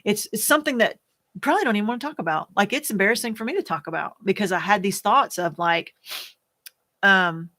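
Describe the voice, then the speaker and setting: A woman, a widow, talking candidly to the camera, soft-spoken and earnest, halting and searching for words with many fillers. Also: mid-range voice, animated. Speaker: widow sharing her experience. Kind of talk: candid personal talk to camera.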